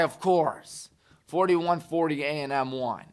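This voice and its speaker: A man's voice: a little high, measured pace, clear, resonant tone. A man hosting a community TV sports talk show, rattling off scores with sarcastic, exasperated asides. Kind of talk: scores recap monologue. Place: community TV studio.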